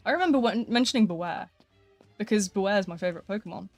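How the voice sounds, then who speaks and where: A woman's voice: medium pitch, animated, fast, a little mellow, faint music behind. Chatty woman streamer, laughing often. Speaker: live streamer. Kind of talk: casual live-stream chat.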